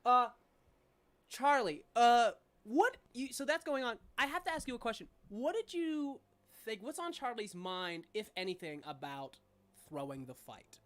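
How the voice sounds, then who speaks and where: A woman's voice: on the high side, very animated, a little slow. A young adult woman narrating a tabletop game as game master, casual and rambling with fillers and swearing.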